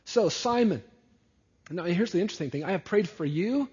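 A man preaching a sermon in a deliberate way, often dropping low and soft at the ends of phrases. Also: expressive, husky, dull audio. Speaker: pastor.

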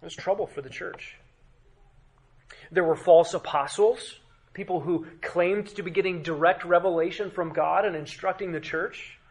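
A male pastor delivering a sermon in a fairly high voice. He preaches with emphasis, sinks to a hush for weight, and puts rhetorical questions to his listeners. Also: fairly even intonation, moderate pace. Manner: emphatic preaching with dramatic drops to quiet.

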